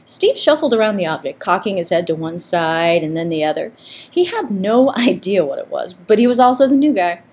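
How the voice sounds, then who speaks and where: A woman narrating a comic story in an expressive, playful way. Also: mid-range voice, fairly quick.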